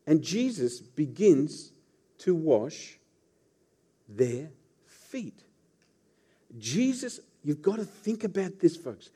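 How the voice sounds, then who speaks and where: A man's voice: on the high side, big pitch swings, takes it slowly, long pauses, warm tone, husky. A man preaching a sermon as pastor, telling the story with playful asides to the congregation.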